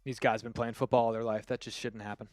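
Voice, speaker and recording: A Long Island, New York man hosts a live football watch-party stream, calling plays, chatting casually with viewers and reading their messages aloud. His medium-pitched, darkish voice is flat and fast. The studio-quality audio has no room sound and faint music behind him.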